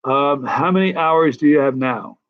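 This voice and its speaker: A middle-aged man with a slightly high voice, hosting a relaxed live-stream question session. He rambles easily between answers and viewer shout-outs. The sound is dull and lo-fi. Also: moderate pace. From United States, East Coast. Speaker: host of a hot pepper channel. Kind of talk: casual live-stream Q&A chat.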